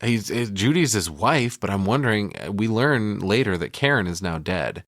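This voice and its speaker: Low-voiced man recapping a movie. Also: animated, normal speed, fairly bright tone, no room sound, studio quality. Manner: retells scenes acting out quoted lines, swears casually. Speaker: podcast co-host. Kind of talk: casual movie recap chat. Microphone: studio podcast mic.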